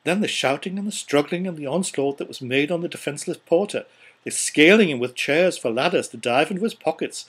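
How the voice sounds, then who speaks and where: A man reads a classic novel aloud in an expressive audiobook narration. His voice is somewhat husky, and he sometimes trips on a word and says it again. The delivery rises with the lively scenes. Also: on the high side, fast. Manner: expressive, occasional stumbles and re-reads.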